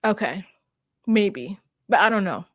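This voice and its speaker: A woman's voice: medium pitch, moderate pace, dry recording, studio quality. A woman hosting a casual reaction chat, talking with laughs and acting out quotes. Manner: chatty, laughs often, acts out quotes. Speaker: host.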